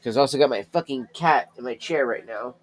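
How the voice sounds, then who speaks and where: A man's voice: medium pitch, fairly quick. A man streaming a game live, chatting casually with his viewers, swearing freely and cooing to his cats.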